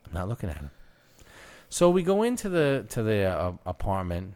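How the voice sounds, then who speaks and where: A man's voice: low voice, wildly swooping pitch, moderate pace, a little mellow. A man co-hosting a podcast, telling a wild work story in casual chat, profane and laughing as it builds. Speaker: podcast co-host.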